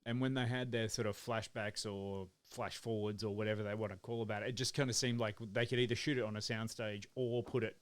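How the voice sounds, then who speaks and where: A man's voice: on the low side, fairly even intonation, fairly quick, hardly any pauses, clean tone. A man co-hosting a podcast in casual live-streamed chat, joking and teasing with frequent laughs. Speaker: podcast co-host.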